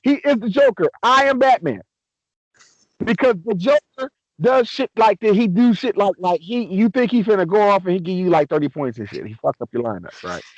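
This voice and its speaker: A young man on a casual sports podcast, ranting excitably and swearing a lot. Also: high voice, moderate pace, no room sound, dull audio. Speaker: podcast co-host.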